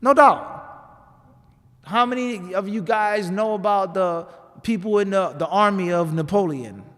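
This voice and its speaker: A man's voice: high voice, normal speed, in a large hall. A man giving a sermon, telling a story in a conversational way and tossing rhetorical questions to the audience. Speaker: imam giving a talk. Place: mosque hall.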